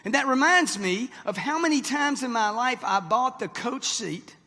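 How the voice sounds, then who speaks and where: A man's voice: very high voice, expressive, moderate pace, sharp tone. A man in his sixties giving a punchy motivational seminar talk to a live audience, pressing them with "okay?" and "right?". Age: 60s. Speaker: motivational speaker. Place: large event hall before a live audience. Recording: reverberant hall.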